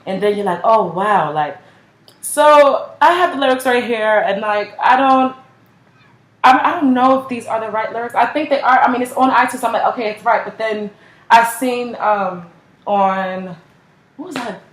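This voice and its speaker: A woman's voice: on the high side, normal speed. Gushing young woman in an echoey room. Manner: gushing, heavy use of "like" and slang. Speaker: music reaction vlogger. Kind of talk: casual reaction chat.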